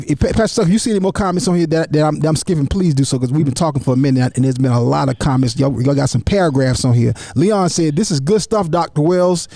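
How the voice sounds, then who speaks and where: A man hosting a casual panel discussion, animated, often repeating his words as he goes. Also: high-pitched, dry recording. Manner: animated, repeats words, acts out others' voices. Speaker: talk show host.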